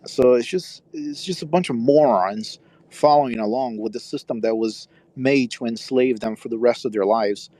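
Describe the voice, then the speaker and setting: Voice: mid-range voice, normal speed, mellow, no room sound. A speaker ranting scornfully in an online audio chat room over a phone mic.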